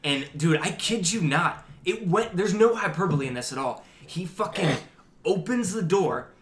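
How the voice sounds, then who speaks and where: A young man hosting a podcast and telling a story to friends in a casual, animated way, swearing often and acting out what people said. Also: sits high, normal speed. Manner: animated, swearing, acts out quotes. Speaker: podcast host. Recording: roomy echo.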